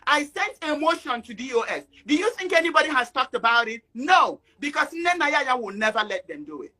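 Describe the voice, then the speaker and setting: A woman giving an emotional speech in an online discussion, often rising to shouting. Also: high voice, sing-song, a little fast. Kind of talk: impassioned speech.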